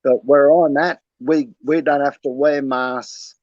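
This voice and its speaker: A man's voice: mid-range voice, fairly even intonation, measured pace, darkish tone, dry recording. An Australian man hosting a casual livestream chat, slangy and conspiratorial in how he talks. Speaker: stream host. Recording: dull lo-fi audio.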